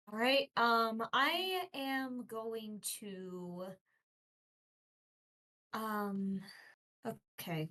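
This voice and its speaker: Slow, hesitant woman playing a tabletop game. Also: medium pitch, fairly bright tone. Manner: rambling, hesitant, giggly. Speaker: player.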